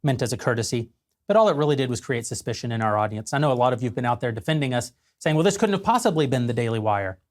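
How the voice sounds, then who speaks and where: A man addresses his viewers in a measured, earnest way. His voice sits at an ordinary middle pitch. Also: animated. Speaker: company spokesman in a played clip. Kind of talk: addressing an online audience.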